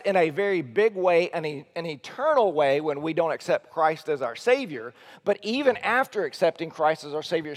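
A man, a teaching pastor, preaching an earnest, emphatic sermon that swings between soft low lines and loud high ones. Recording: long hall reverb.

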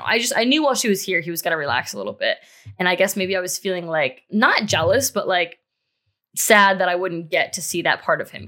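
A woman's voice: lowish voice, pushed and bright. A young woman in her twenties talking candidly as a podcast host about a breakup, in a casual monologue full of fillers and the odd swear word. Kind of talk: personal monologue.

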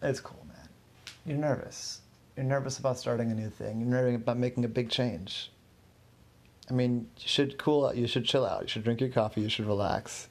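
Laid-back reassuring friend, gravelly voice, easy tone, as a man reads it. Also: mid-range voice, steady tone, moderate pace, close to an everyday voice. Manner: soothing, reassuring. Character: calm supportive male friend.

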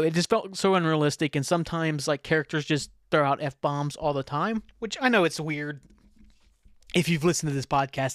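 A man with a slightly high voice hosts a podcast in loose, casual chat. He rambles through his thoughts, piles on filler words and breaks into laughs now and then. The sound is dry and close. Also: a bit bright, no echo. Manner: laughs while telling. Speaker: podcast host.

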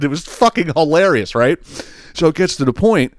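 A man's voice: on the high side, big pitch swings, normal speed, no echo, clean studio sound. A man hosting a podcast, telling a rambling, profane story, often laughing and acting out the scenes. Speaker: podcast host. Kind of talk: casual storytelling monologue.

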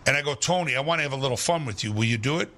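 Older man, bright animated storyteller. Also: mid-range voice, racing. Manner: animated, acts out quotes in other voices. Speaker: entertainer and impressionist. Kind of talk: casual chat, storytelling.

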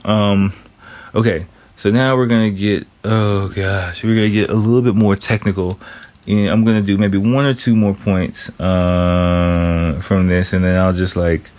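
A man in his thirties with a very low, deep voice talks in a loose, rambling way. He swears constantly and slips into quick acted-out lines of what other people think. It sounds like an unscripted advice monologue. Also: little pitch movement, a little mellow. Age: 30s. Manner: profane, rambling, acts out other people's thoughts. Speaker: commentator on a show.

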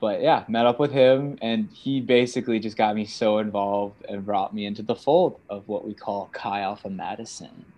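A young man in his twenties, a student guest in a casual chat, telling stories with animated put-on voices for quotes. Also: lowish voice, moderate pace, few pauses. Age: 20s.

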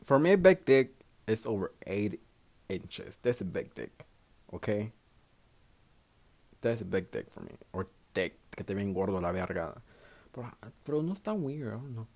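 Young man, casual solo podcast, profane, self-mocking, very animated pitch. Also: moderate pace, gravelly, long pauses. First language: Spanish. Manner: profane, rambling, self-mocking, laughs a lot. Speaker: podcast host.

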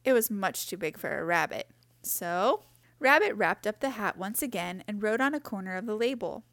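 A woman reading a children's picture book aloud in a gentle, expressive way. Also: mid-range voice, moderate pace, no echo. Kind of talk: storybook read-aloud.

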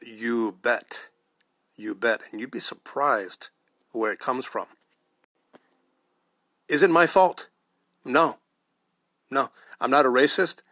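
Guy ranting hard, emphatic, asks rhetorical questions, repeats stuff, mid pitch. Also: animated, slow, pauses often, pushed and bright, husky, no room sound, clean studio sound. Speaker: commentator. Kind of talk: impassioned monologue.

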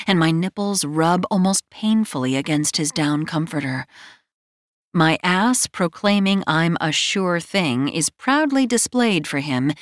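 A woman's voice: low voice, no echo. A woman narrating a first-person romance audiobook in a wry, self-mocking storytelling manner, close to the mic.

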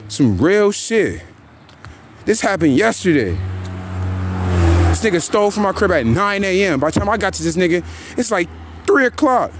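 A man hosting a podcast, venting in a casual, animated rant full of profane street slang. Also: high voice, normal speed, long pauses, noisy background. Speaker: podcast host.

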